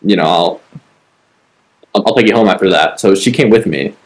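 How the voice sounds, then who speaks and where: A man's voice: sits low, moderate pace, rough recording. A man co-hosting a podcast, telling a story in a casual, rambling way, full of swearing and filler words. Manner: rambling, profane, heavy on fillers. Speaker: podcast co-host.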